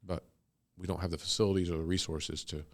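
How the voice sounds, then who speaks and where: A man's voice: low-pitched, steady tone, quick pace. A man being interviewed as co-founder of a ministry, talking in a rambling, enthusiastic way with laughs. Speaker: guest, co-founder of a bunny ministry. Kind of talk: casual interview talk.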